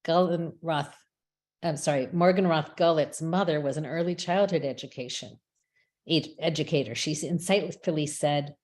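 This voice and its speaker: A woman giving a measured, reflective prepared talk as a webinar speaker, with small restarts now and then. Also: low voice, a little mellow. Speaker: rabbi and chaplain speaker. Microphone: webinar microphone.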